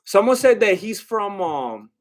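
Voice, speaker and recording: A man with a high voice for a man chats loosely on a live stream. He rambles, jokes and restarts his sentences as he reacts to chat. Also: very animated, measured pace. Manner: rambling and joking, with lots of "like" and restarts; loose, chatty, breaks into bits of song.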